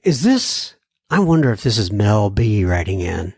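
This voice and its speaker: A man's voice: fairly low pitch, big pitch swings, moderate pace, vocal fry, slightly rough, dry recording, studio quality. An American man hosting a podcast, chatting casually between listener emails and laughing at his own jokes. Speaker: podcast host.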